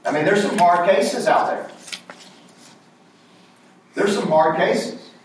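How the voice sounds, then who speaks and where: A man preaches a sermon in church, asking questions for the congregation to call back. His voice is high-pitched and slow, heard from far off in a very echoey hall, with a little hiss or hum on the recording.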